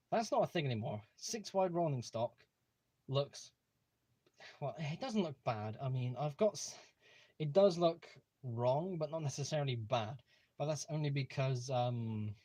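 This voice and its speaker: Young man, livestream host, casual rambling chat, mid-pitched voice, home room. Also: darkish tone, no echo. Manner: rambling, eager, with many fillers and restarts. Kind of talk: casual live-stream chat.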